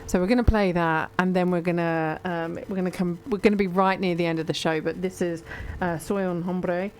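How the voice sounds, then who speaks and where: A woman's voice: lowish voice, steady tone, fairly quick, darkish tone, a little hiss or hum. A woman hosting a radio book show, chatting and plugging books with enthusiasm. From Britain. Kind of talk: casual radio interview chat.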